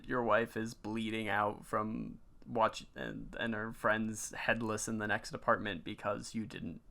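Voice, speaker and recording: Gravelly bright-voiced man chatting movies. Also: lowish voice, a little slow. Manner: relaxed, recaps plot with many fillers. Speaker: podcast co-host. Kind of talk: casual movie review chat.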